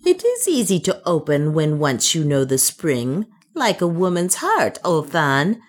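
A woman's voice: deep voice, wildly swooping pitch, unhurried, full character voice. A woman reading aloud, voicing a bitter, scheming servant woman who taunts and mocks. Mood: mocking. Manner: taunting, scornful.

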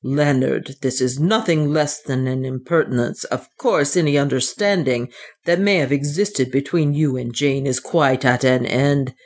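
A pompous older clergyman, condescending and sanctimonious, as an audiobook reader puts him on. He drawls his words slowly and unctuously, in a middle-pitched voice. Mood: indignant. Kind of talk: audiobook reading.

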